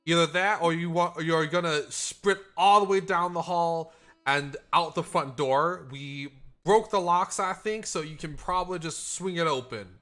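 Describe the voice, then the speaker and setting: A man playing his character in a tabletop horror game, his voice fairly high and bright. He talks in hushed, urgent bursts, restarting himself as he reassures. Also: normal speed, soft background music. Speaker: player. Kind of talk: in-character tabletop role-play.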